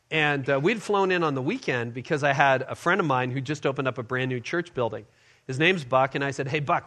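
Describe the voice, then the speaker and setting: A man's voice: on the high side, a bit bright. A middle-aged male pastor giving a talk to a congregation, telling a personal story and acting out the dialogue in it. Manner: storytelling, acts out quoted dialogue. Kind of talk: sermon-style leadership talk.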